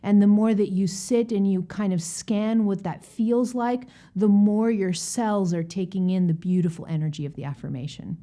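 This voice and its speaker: Female wellness coach, mid-range voice, slow and deliberate delivery, repeats for emphasis. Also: mid-range voice. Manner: calm, deliberate, repeats key words for emphasis; checks in with frequent "okay?". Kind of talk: instructional video lesson.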